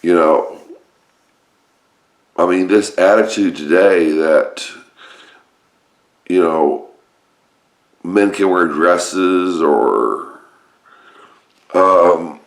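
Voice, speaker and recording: A man with a Roanoke, Virginia accent, talking in a casual, rambling monologue that often halts and restarts. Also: sits low. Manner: rambling, halting, many restarts. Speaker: vlogger. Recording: roomy echoey room.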